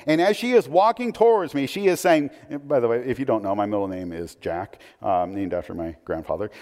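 Male pastor, conversational sermon, animated delivery, reverberant church hall. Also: medium pitch, normal speed. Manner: animated, conversational preaching with asides.

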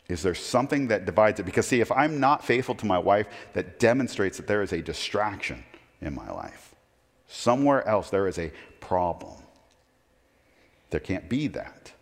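A man's voice: low-pitched, big-room sound. A middle-aged male pastor preaching a conversational sermon, asking his listeners rhetorical questions. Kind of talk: expository sermon.

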